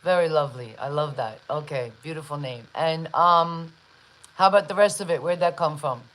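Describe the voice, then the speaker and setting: A woman hosting a live online interview, chatty and enthusiastic, with many shout-outs. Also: low-pitched, normal speed, poor audio. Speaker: interview host.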